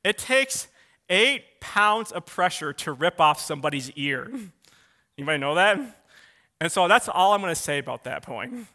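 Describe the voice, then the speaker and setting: Male pastor, high bright voice, casual storytelling sermon, lively on quoted lines. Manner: animated, acts out quotes in a raised voice; loose, conversational with restarts.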